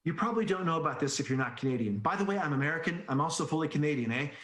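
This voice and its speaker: Lively sales trainer man, roomy sound. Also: a little high, very fast. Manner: animated storyteller, jokes and acts out quoted voices. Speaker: automotive sales trainer presenting a webinar. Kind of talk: energetic sales presentation with anecdotes.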